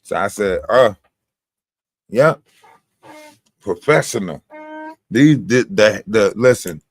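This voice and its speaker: Profane, animated male livestream host. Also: on the low side, takes it slowly, pauses often, breathy edge, dry recording, clean studio sound. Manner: profane, animated storytelling with mimicked quotes. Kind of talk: casual livestream commentary.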